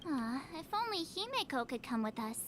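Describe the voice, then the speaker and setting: A bright young game heroine, chatty and upbeat, speaking in a very high, lively voice. Her lines come slowly and over-enunciated, with a faint hiss of noise behind the game audio. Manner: slow, over-enunciated line reading. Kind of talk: game character dialogue.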